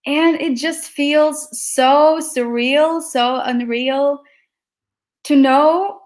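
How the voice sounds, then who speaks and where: High-voiced woman, heartfelt and slow. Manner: heartfelt, reflective, with laughs and sighs. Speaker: podcast guest. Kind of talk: emotional conversational interview.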